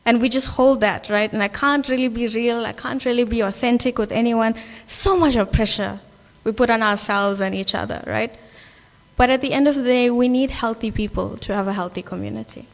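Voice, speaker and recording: A South African woman preaches at a Sunday gathering in a fairly high voice. She talks earnestly and conversationally, often tagging "right?" onto her points. The long reverb of a large temple hall trails behind her words. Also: fairly quick. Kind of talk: sermon.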